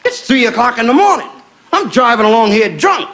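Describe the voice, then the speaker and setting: A man's voice: very high voice, big pitch swings, brisk, pitched above the performer's own voice, full character voice. A man voicing a drunk, argumentative woman who talks back indignantly. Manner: indignant, combative. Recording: noisy live recording with audience laughter.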